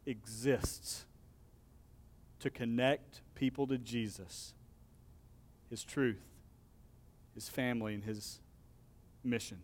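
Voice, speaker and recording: A man preaching a sermon, reading scripture with acted-out dialogue and dropping to a soft, low voice to close his points. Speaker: pastor.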